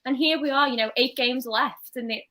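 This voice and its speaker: Bright chatty Scouse woman. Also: high-pitched. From Liverpool, England. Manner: chatty, quick and animated. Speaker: podcast co-host. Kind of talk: casual football chat.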